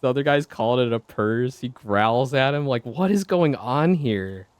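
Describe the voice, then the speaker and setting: A man's voice: mid-range voice, lively intonation, normal speed, smooth, dry recording. A man chatting casually on a game stream, playful and laughing often.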